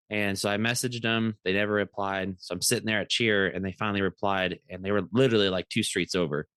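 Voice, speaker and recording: A man's voice: lowish voice, fairly even intonation, fairly quick, fairly bright tone, smooth, no echo. A man co-hosting a podcast, telling stories in casual chat, rambling with many restarts and acting out other people's voices. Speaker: podcast co-host.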